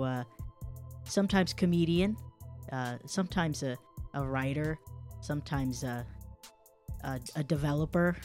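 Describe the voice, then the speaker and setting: A woman hosting a casual comedy podcast, joking and riffing with her guest in quick asides. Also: low voice, darkish tone. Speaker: podcast host.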